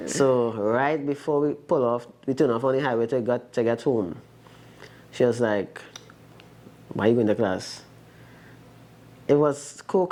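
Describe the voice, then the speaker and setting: A man, talking casually with his wife about their marriage and telling an animated story in loose, informal speech. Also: mid-range voice. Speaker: co-host, husband. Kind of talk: casual conversation.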